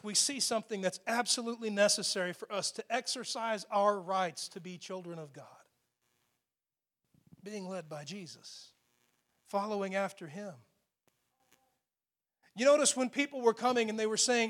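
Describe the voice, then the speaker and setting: A pastor preaching a sermon in a church, speaking in a conversational, emphatic way with asides to the congregation. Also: male voice, high voice, normal speed, long pauses, a bit bright. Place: church sanctuary.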